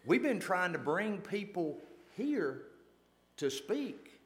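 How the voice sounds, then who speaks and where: A man's voice: high voice, very animated, takes it slowly, fairly bright tone. A man telling a folksy, self-deprecating story to a church gathering, repeating phrases for emphasis. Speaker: church lay speaker.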